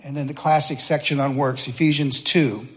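A man's voice: mid-range voice, steady tone, normal speed. Man preaching in an echoing church. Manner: conversational, folksy preaching with rhetorical questions. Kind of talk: sermon. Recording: long reverb of a church hall.

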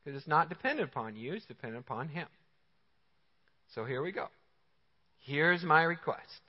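A man preaching a sermon with energetic, emphatic, conversational delivery. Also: on the high side, moderate pace, pauses often. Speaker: pastor. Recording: reverberant hall, slightly dull sound.

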